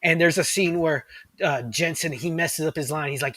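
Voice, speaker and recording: Male podcast host, bright forceful voice, dry close mic, rambly and excited. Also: fairly high pitch, normal speed, dry recording. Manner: rambling, enthusiastic, many fillers and restarts. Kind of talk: casual chat.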